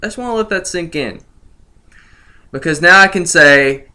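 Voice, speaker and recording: Young male gaming vlogger, sarcastic and gloating, bright, slightly high voice. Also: lively intonation, moderate pace. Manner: sarcastic, gloating, laughs incredulously. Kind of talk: ranting video commentary.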